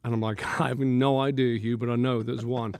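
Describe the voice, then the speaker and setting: A man, a pastor and podcast guest, telling stories in a lively way, laughing often and acting out the quotes. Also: medium pitch, a little fast. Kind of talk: animated storytelling. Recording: long room reverb.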